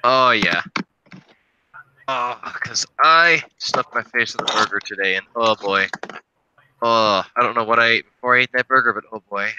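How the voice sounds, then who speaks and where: A man's voice: mid-range voice, normal speed, highs cut off, noisy background. A laid-back man chatting casually with friends on a group call, laughing often. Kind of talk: casual chat.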